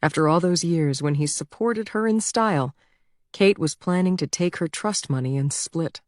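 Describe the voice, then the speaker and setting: A woman narrating a thriller audiobook in a measured, even storytelling delivery on a close mic. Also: on the low side, dry recording.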